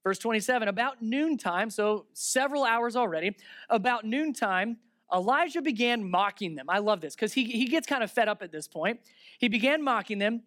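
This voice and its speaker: A man preaching a sermon, reading Bible verses aloud and retelling them with lively asides, switching from loud sarcasm to hushed reverence. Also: very high voice, moderate pace, dry recording, clean studio sound. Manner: talks aside to the listeners between verses.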